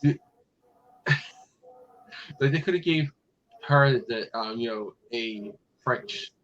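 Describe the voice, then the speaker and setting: Casual male podcast host, mid-pitched, rambling delivery, slightly muffled lo-fi audio. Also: slow pace, a bit bright, slight background noise. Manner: rambling, many fillers and restarts. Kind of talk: casual fan chat.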